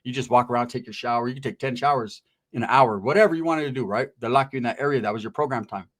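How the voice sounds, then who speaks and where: A man's voice: mid-range voice, fast, a bit bright. A man telling stories in casual, slang-heavy talk, acting out what other people said. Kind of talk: casual storytelling.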